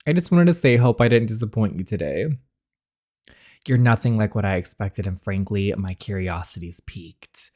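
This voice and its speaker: A man voicing a cool, mysterious rich young husband in a story game, in a low and measured voice. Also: expressive, dark tone, lightly acted. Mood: smooth.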